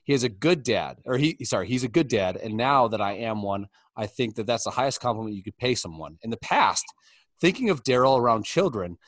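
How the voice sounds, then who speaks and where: A man's voice: mid-range voice, lively intonation, brisk, a bit bright, no echo. A middle-aged man chatting casually and crudely with friends, rambling through stories and reading a roast speech aloud.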